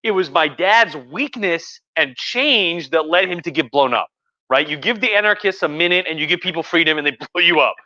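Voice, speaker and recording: A man's voice: a little high, animated, normal speed, sharp tone, no room sound, highs cut off. A tipsy man, a history professor, rambling casually and profanely about history on a livestream. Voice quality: profane, rambling, lots of fillers. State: tipsy from wine.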